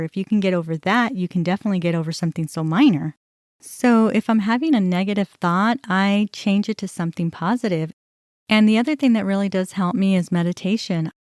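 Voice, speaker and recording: Woman, forties, podcast host. Low-ish, smooth voice, dry close recording, candid conversational storytelling. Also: darkish tone, dry recording. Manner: candid, conversational, many "you know" and "like" fillers. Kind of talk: personal storytelling monologue.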